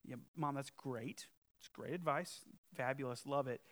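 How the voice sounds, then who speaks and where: A man's voice: mid-range voice, normal speed, fairly bright tone, lightly acted. A male preacher voicing a frustrated, indignant grown son who is defensive and exasperated. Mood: sarcastic.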